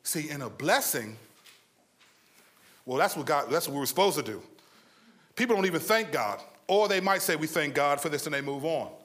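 A man preaching a sermon, moving between lively storytelling and hushed, slow emphasis. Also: a little high. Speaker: pastor.

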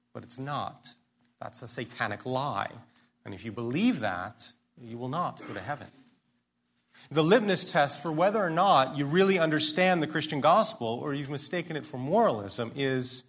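A man's voice: mid-range voice, fairly bright tone. A man preaching a sermon, earnest and emphatic, often posing questions and restarting his sentences. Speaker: pastor.

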